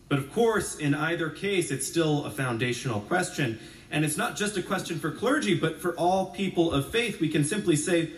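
A male priest delivers a sermon in a conversational, self-deprecating way that settles into quiet reflection. His voice sits a little high for a man. It is heard from a distance in a roomy church with plenty of echo. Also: lively intonation, a little fast. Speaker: Episcopal priest. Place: church sanctuary.

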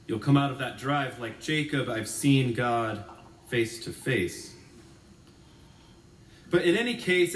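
A male Episcopal priest giving a sermon, chatting easily and with self-deprecating humor before turning reflective. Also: medium pitch. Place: church sanctuary. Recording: roomy church echo from a distance.

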